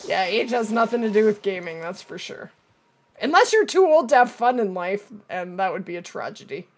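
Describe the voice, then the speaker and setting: A woman's voice: medium pitch, animated, normal speed, a little hiss or hum. A middle-aged woman streaming a hunting game live, chatting with viewers and answering their comments as she plays.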